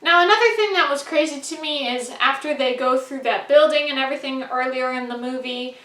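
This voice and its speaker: Chatty high-voiced woman reviewing a movie. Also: a little fast, sharp tone, echoey room, far from the mic. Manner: chatty, many "like" and "you know" fillers. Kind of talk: casual spoken movie review.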